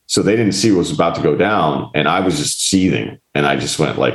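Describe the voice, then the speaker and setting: Deep-voiced man telling a story. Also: a little fast, hardly any pauses, echoey room. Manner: animated, mimics others in quotes, swears. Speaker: podcast host. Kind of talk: casual storytelling chat.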